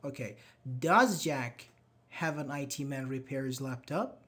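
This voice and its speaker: A man's voice: mid-range voice, measured pace, a bit bright. A man teaching a live online English grammar class, patiently reading out students' chat answers and praising them.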